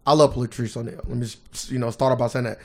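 A man hosting a podcast in casual chat, telling stories animatedly and acting out quotes loudly. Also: medium pitch, steady tone, fast. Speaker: podcast host.

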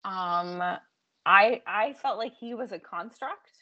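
Bright-voiced hesitant woman co-host. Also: medium pitch, slow pace, muffled recording. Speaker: podcast co-host. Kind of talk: casual discussion.

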